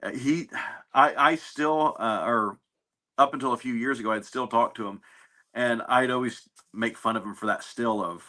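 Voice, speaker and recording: A man in an interview, telling stories about his navy service in a relaxed, anecdotal way with fillers and restarts. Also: medium pitch, moderate pace. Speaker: navy veteran guest. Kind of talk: casual interview storytelling.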